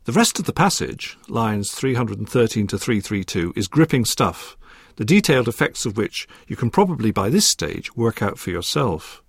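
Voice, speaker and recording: A man explaining a text in an exacting academic manner, his pitch swinging expressively through each point. The sound is dry and close, with no room around it. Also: gravelly, slightly rough, no echo. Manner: measured, precise and scholarly, with a lively rising and falling delivery. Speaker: lecturer. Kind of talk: recorded academic lecture.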